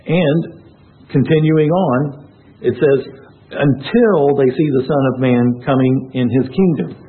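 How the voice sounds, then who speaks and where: A man's voice: medium pitch, measured pace. A man giving a methodical Bible teaching and working through verses with rhetorical questions. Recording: thin phone-like sound.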